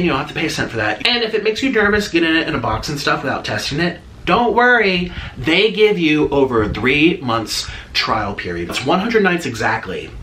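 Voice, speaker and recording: A man's voice: fairly high pitch, bright, forceful tone, a little hiss or hum. A man doing a sponsored vlog segment before a food challenge, chatting in a campy, theatrical, playful way. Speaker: mukbang vlogger.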